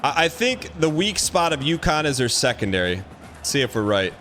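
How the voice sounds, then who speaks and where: A man streaming a football video game, giving excitable running commentary and repeating phrases as he plays. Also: fairly high pitch, moderate pace, faint music behind. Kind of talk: live gameplay commentary.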